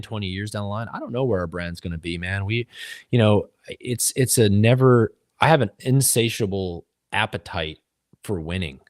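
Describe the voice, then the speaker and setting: A very deep-voiced man with a Texas drawl talks on a podcast as a guest. He is emphatic and driven, circling his points in long run-on thoughts. The sound is close and dry, with no room around it. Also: no echo. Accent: Texan. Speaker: podcast guest, hunting media founder. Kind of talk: casual podcast conversation.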